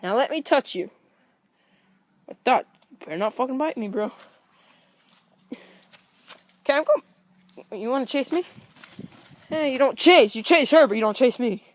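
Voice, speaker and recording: Her voice sits high and sounds expressive, unhurried, and broken by long pauses. She's vlogging outdoors in her home yard, chatting to her dogs with blunt, profane, playfully scolding remarks.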